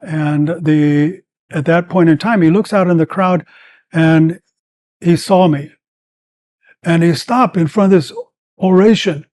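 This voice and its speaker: An older man in his seventies, a former combat medic, telling stories as a podcast guest, rambling and animated with many fillers. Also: a little high, measured pace, pauses often, no room sound. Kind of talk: storytelling in a podcast interview.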